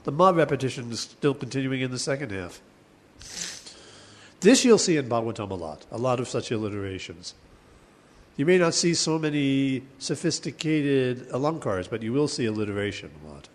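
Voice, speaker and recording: A man teaching a class on verse, thinking aloud with many restarts and chanting lines slowly. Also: medium pitch, animated. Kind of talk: class lecture on Sanskrit poetics.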